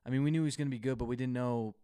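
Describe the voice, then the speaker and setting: A man at middle pitch, with a clear and smooth voice, chats casually on a sports podcast. He thinks aloud and drops in fillers as he goes. The recording is dry and close. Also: fairly even intonation, racing, dark tone, no room sound. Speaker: podcast co-host.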